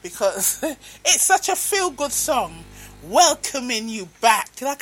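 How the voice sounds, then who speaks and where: A woman's voice: fairly high pitch, sing-song, slow, a bit bright, slightly rough. A woman hosting a radio show, musing aloud in a playful, laughing way between songs. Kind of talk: casual radio presenting.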